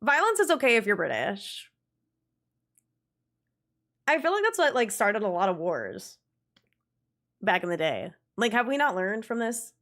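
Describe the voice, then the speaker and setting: A young adult woman streams a game and chats casually with her viewers. Speaking in a mid-range voice, she is animated, laughs easily, and swears freely.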